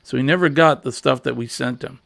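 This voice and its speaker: Gravelly rambling New host. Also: male voice, mid-range voice, brisk, a bit bright, dry recording. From New England. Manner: rambling, jokey, easily amused. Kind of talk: casual morning chat show.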